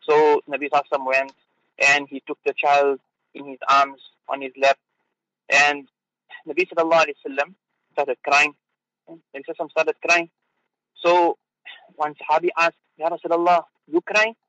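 A fairly high-voiced man delivers an unscripted religious talk, pausing often and repeating words as he gathers his thoughts. He sounds close to the mic in a dry studio, and the broadcast is a little dull and lo-fi. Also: level tone, pushed and bright, no room sound. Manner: halting, with fillers and repeated words. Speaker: mufti giving a religious talk.

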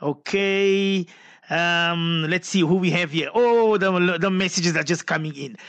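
Bright-voiced radio host. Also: male voice, high-pitched, measured pace, dry recording. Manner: chatty, muses aloud and stumbles over pronunciations. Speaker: radio presenter. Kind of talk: casual on-air chat reading listener messages.

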